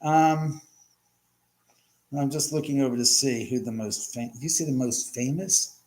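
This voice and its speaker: A man's voice: medium pitch, a little slow, a little mellow. A middle-aged man hosting a casual livestream, chatting and rambling as he answers viewer comments, laughing often and restarting sentences. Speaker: livestream host.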